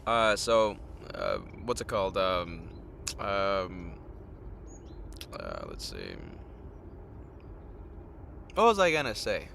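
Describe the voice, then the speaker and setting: A man's voice: sits low, huge pitch swings, slow, vocal fry, pauses often, sharp tone, a little hiss or hum. A tired man hosting a live stream outdoors, rambling casually and chatting straight to his viewers. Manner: rambling, chats directly with viewers. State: tired from little sleep.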